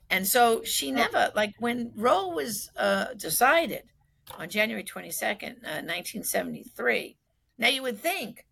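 A woman telling a story in a lively, conversational way, with frequent fillers, who acts out the quoted speech. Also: mid-range voice, vocal fry, slightly rough. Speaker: speaker recounting a personal acquaintance's story.

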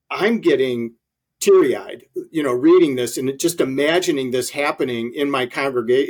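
A man guest in an interview, telling earnest stories with many ums and uhs. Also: on the high side. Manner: earnest storytelling with many fillers. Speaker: ministry leader guest. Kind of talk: conversational interview.

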